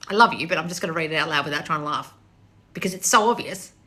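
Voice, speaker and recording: Bright-voiced, blunt, sweary woman coach. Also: sits low, fast. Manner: blunt and sweary, laughing, reading viewer comments aloud. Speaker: manifestation coach. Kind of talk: live-stream Q&A. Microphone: phone.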